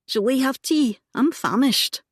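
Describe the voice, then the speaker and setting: A woman voicing an eager young woman who teases her brother, in a bright, high, lively voice. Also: a little slow, no echo, clean studio sound. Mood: teasing. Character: eager young woman, Drew's teasing sister.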